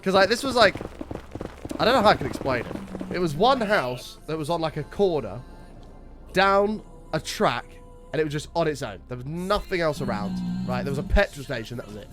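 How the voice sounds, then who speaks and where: A man's voice: fairly high pitch, sing-song, a little fast, music in the background. A man chatting casually to his stream audience, telling a rambling story with a lot of swearing. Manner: rambling anecdote, frequent swearing.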